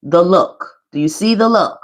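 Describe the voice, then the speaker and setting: A woman's voice: lowish voice, moderate pace. A woman hosting a commentary video who stresses her points by repeating phrases. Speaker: tarot and celebrity commentary host. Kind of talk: commentary over played clips.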